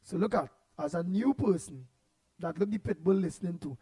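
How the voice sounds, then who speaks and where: A man's voice: sits high, fairly quick, poor audio. A man with a Trinidadian accent hosting a morning call-in show, passionately greeting listeners by name and reading out comments in a raised voice he tries to hold down. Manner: passionate, loud, says he will drop his voice. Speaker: radio show host.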